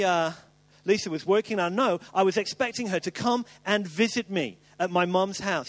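A middle-aged man preaching a sermon, retelling a Bible story and acting out the voices with lively asides. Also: high voice, no echo.

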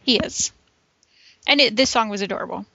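A woman's voice: medium pitch, fairly quick, vocal fry, sharp tone, dry recording. A woman co-hosting a casual chat, chatty and agreeable. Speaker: podcast co-host. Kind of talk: casual chat reviewing TV episodes. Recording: dry, dull lo-fi podcast recording.

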